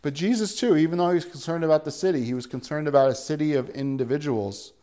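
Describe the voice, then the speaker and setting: A man's voice: a little high, fast talker, warm tone. Earnest male pastor preaching a sermon. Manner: earnest, rising to emphatic peaks.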